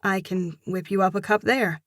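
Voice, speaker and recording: A woman voicing a shy, flustered young barista who rambles in a rushed, breathy way. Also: mid-range voice, sing-song, dry recording, studio quality, voice pushed up, full character voice.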